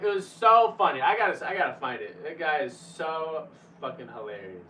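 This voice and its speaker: A man's voice: a little high, fairly quick, bright, forceful tone. A man streaming live, chatting casually with viewers in a laid-back, profane way. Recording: distant, dull lo-fi mic with faint hum.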